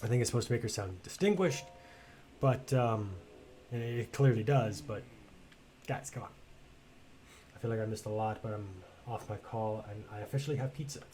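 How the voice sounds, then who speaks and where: A man's voice: on the low side, moderate pace, pauses often, dark tone. A man streaming a video game, chatting casually and bluntly with rambling asides and free swearing. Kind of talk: casual let's-play commentary.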